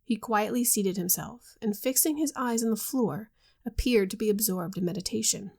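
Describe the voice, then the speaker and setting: A woman reads a classic novel aloud at a steady, measured pace. Her mid-pitched voice has a gravelly, creaky grain. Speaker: reader.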